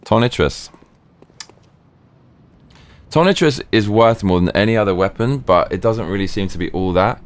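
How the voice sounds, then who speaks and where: A man's voice: fairly low pitch, lively intonation, normal speed, long pauses. A man with a suburban middle-class British accent, chatting casually while streaming a game live. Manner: casual, chatty, reacting to chat. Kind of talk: live gaming commentary.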